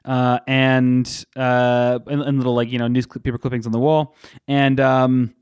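A man's voice: medium pitch, flat delivery, normal speed, a little mellow, clean tone, no room sound, dull audio. Wry, opinionated man on a podcast. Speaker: podcast co-host. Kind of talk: casual film discussion.

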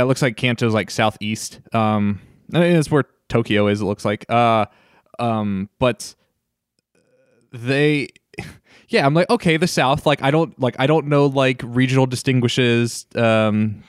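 A man's voice: medium pitch, measured pace, clean tone, dry recording. Rambling man from Virginia, dry sound. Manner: rambling, hesitant, many fillers. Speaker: podcast co-host. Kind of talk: casual review chat.

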